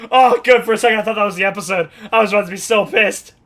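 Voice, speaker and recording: A man hosting an anime reaction, talking casually and excitably, swearing freely and laughing often. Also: extremely high pitch, vocal fry. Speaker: anime reaction channel host.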